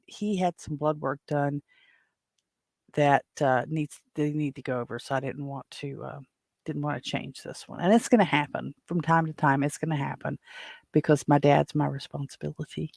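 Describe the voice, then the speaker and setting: Woman, tired solo podcast host, gravelly edge, chatty and meandering. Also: low-pitched, fairly even intonation, normal speed, a little mellow, no room sound, clean studio sound. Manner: rambling, chatty, lots of restarts and fillers. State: tired, yawning. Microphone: home microphone.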